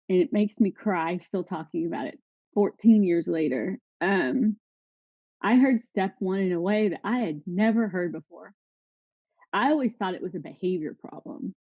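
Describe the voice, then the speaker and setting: A candid, middle-aged woman speaks straight to her listeners about her recovery. Her voice sits a little low with a mellow, dark tone. The recording is dry and somewhat dull. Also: no echo. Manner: candid and emotional, addressing the audience directly. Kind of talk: personal testimony talk.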